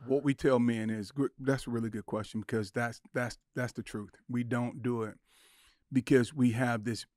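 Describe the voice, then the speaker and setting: A man's voice: mid-range voice, fairly even intonation, moderate pace, darkish tone, no echo, clean studio sound. Earnest older man telling stories. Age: 60s. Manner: earnest storytelling, acts out quoted dialogue. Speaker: podcast guest. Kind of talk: casual podcast conversation.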